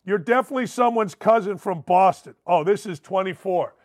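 A brash sports talk host, a middle-aged man with a high voice. He rattles through listener emails and old stories with animated, loud gusto. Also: brisk, few pauses. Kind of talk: sports talk radio monologue.

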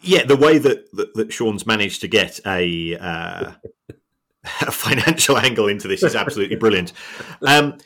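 Earnest middle-aged man, lowish voice. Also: animated, fairly bright tone. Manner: earnest, reflective, halting. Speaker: podcast co-host. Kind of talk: casual podcast chat.

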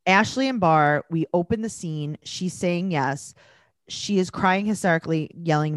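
A woman's voice: lowish voice, measured pace, no echo, studio quality. A woman comedian hosting a podcast, chatting casually in a wry, joking way.

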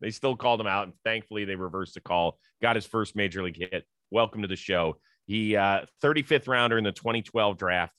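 A man's voice: lowish voice, a bit bright, dry recording. Chatty male sports talk host, dry sound. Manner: emphatic, chatty, quick to joke.

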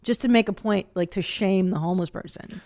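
A woman's voice: mid-range voice, fairly quick, creaky. Chatty woman host telling stories. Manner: animated storytelling, acts out quotes, laughs often. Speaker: podcast host. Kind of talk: casual chat.

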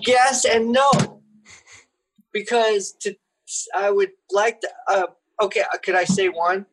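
A man's voice: sits high, unhurried, a bit bright, slightly rough, rough recording. A man guesting on a podcast in casual chat, loose and profane, often laughing as he talks.

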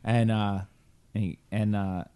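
A man's voice: lowish voice, little pitch movement, unhurried, mellow, clean tone. A man in casual chat, telling a rambling story and checking in with the listener.

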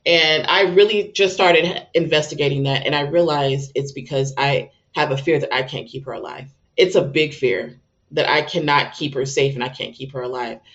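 A woman with a low, slightly bright voice talks at an ordinary pace, though the recording has its high end cut off. She's a parenting coach appearing as a guest in a candid interview, speaking openly and emotionally and acting out her own exasperated outbursts.

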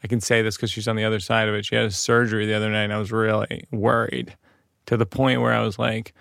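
Gravelly-voiced male host, reflective. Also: fairly low pitch, little pitch movement, fast talker, a bit bright, no room sound, studio quality. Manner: reflective, earnest, restarts often. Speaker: podcast host. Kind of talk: casual conversation.

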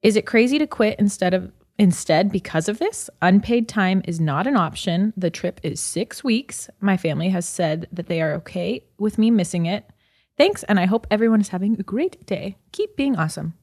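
A woman's voice: mid-range voice, animated, normal speed, a little mellow. Woman reading a listener letter aloud.

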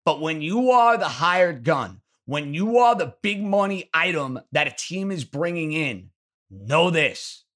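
Sports radio host, male, bright and punchy delivery, blunt opinions. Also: a little high, sing-song, measured pace. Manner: blunt, emphatic, ranting. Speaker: sports talk show host. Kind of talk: opinionated sports call-in commentary.

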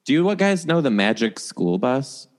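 An American man, a guest comedian, telling stories in a quick, animated, playful way on a casual podcast. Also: medium pitch.

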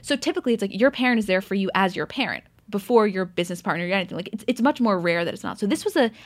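A young woman co-hosting a chatty podcast, talking at a middling pitch and recapping with animated energy. She acts out what other people said and swears freely. The recording is close and dry. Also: very fast, no echo. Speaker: podcast co-host. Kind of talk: casual recap chat.

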